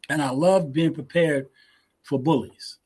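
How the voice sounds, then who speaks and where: A man's voice: fairly high pitch, a little slow, mellow, husky. Laid-back older man telling war stories. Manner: laid-back, repeats words when restarting. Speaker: guest, martial arts teacher. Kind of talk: casual storytelling interview.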